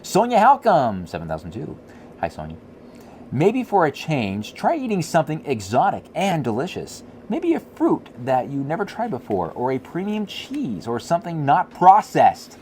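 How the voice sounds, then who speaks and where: Animated laughing man chatting. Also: on the high side, normal speed, a little hiss or hum. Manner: animated storytelling, laughs often. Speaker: podcast co-host. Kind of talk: casual chat reading viewer comments.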